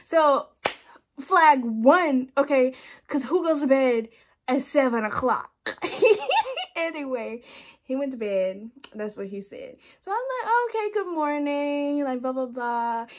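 This young vlogger talks a little slowly in a high-pitched voice as she tells a story in a relaxed, chatty way. She keeps laughing and leans heavily on the word "like."

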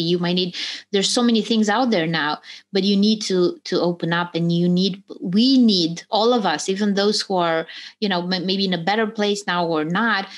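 A woman talking earnestly in a heartfelt conversation, searching for words as she goes. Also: lowish voice. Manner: earnest, searching, restarts phrases. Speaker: panel speaker.

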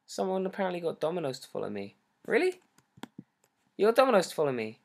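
A teenage boy with a British accent hosts a casual livestream for his fans. He reads their comments aloud in an excitable, rambling, jokey way, over a laptop mic. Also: fairly high pitch, very fast, gravelly. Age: teens. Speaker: singer hosting a fan livestream. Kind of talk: casual livestream chat reading fan comments.

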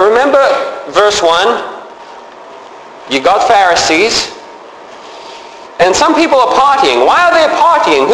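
A man preaching a sermon, lively and expressive, acting out characters in the story as he speaks. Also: high-pitched, slight background noise. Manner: animated, acts out biblical characters with changing voice. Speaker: pastor. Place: church sanctuary. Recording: echoey church hall, faint ambience.

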